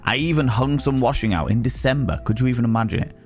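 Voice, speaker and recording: A man's voice: mid-range voice, animated, fast talker, faint music behind. A man chatting casually with his viewers on a live stream, greeting them by name and rambling playfully between topics.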